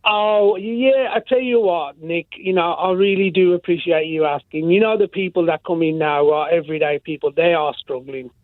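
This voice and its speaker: A rambling caller on a tinny phone line, a man with a high-pitched voice. He hops from one topic to the next. The sound is dry and close. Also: normal speed, hardly any pauses, no echo. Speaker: caller who runs a chip shop. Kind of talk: radio phone-in chat.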